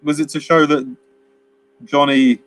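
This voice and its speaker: A man's voice: a little high, little pitch movement, a little slow, fairly bright tone. A man co-hosting a casual film review chat, rambling and laughing as he acts out quotes. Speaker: podcast co-host.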